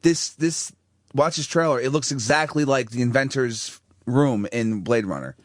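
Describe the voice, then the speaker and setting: A man's voice: medium pitch, normal speed, dry recording, clean studio sound. A man co-hosting a talk radio show, telling crude stories and laughing. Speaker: radio co-host. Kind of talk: casual talk radio banter. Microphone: studio microphone.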